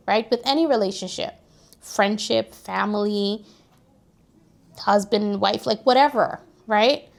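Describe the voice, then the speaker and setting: High-voiced woman giving casual advice. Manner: animated, preachy, talks to viewers directly. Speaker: vlogger. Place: New York, recording outdoors near street traffic.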